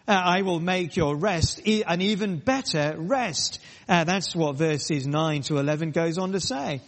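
A man preaching a sermon, emphatic and repetitive, speaking in short, pausing phrases. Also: fairly high pitch, long reverb tail.

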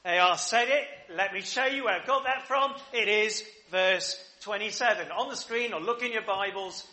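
A man's voice: high-pitched, moderate pace, sharp tone. A man preaching a sermon at a church service, leading the congregation in prayer and call-and-response questions. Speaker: pastor.

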